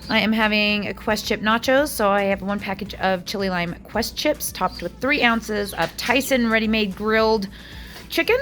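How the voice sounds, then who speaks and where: A woman's voice: mid-range voice, moderate pace, fairly bright tone. Chatty woman in her forties vlogging. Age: 40s. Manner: chatty, rambling, counts out food amounts. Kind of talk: casual diet vlog chat.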